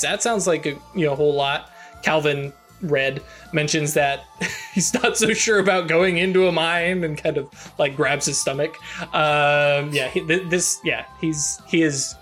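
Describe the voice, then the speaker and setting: A man running a tabletop game over a voice call, talking slowly with lots of fillers and restarts. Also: on the high side, fairly bright tone. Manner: slow, halting, many fillers and restarts. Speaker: game master.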